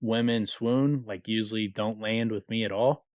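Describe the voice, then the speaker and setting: A man with a low voice co-hosts a book podcast and slips into small voices when he reads passages aloud. The sound is dry and close, with no room around it. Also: fairly even intonation, normal speed, no room sound. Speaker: podcast co-host. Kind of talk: casual chat and book reading.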